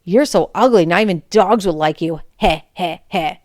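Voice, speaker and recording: A woman's voice: fairly low pitch, normal speed, darkish tone, no echo, clean studio sound, natural voice. Woman doing a sneering teen boy bully. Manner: sneering, cruel. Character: mean mocking teenage boy bully.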